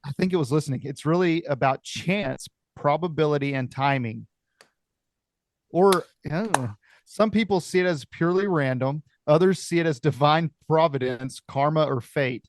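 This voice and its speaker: A man co-hosting a podcast who reads chatbot answers aloud in a low-key, casual way. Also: normal speed, dry recording, clean studio sound. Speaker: podcast co-host.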